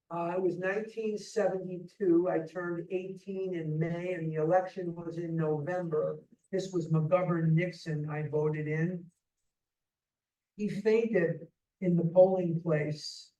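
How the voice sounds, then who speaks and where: A man's voice: high-pitched, darkish tone. A man of about seventy from the Chicago area, sharing his story at a recovery retreat with heartfelt emphasis and frequent restarts. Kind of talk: personal testimony talk. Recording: roomy hall, mic far off.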